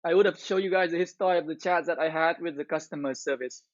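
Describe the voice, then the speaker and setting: A man chats casually on his live stream, venting his complaints and often breaking off to restart a sentence. His voice sits high for a man. The audio is dull and lo-fi. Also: fast talker, no room sound. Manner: aggrieved, ranting complaint with repeated restarts.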